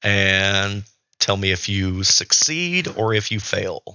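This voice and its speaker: A man's voice: on the low side, lively intonation, takes it slowly, bright, forceful tone, smooth, no echo. A man running a tabletop game as storyteller, ruling on rolls and narrating in a hesitant, thinking-aloud manner.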